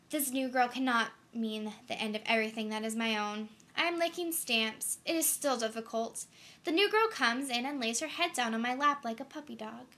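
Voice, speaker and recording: A reclusive mother who will fight for her daughter, played by a young woman in a stage monologue. She swings from flat, dutiful routine to frantic outbursts. Her voice sits fairly high and sounds very bright. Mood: weary. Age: young adult. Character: reclusive mother in a trailer home, fiercely protective. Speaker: student actor. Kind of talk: theatrical monologue.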